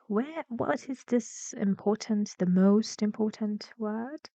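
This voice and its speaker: A woman teacher giving a pronunciation lesson at a very slow, deliberate pace, stretching single words to show how the pitch moves. Her voice comes through a slightly dull, lo-fi recording that sounds close and dry, with no room echo. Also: dark tone. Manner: slow, deliberate, drawing out words to model intonation.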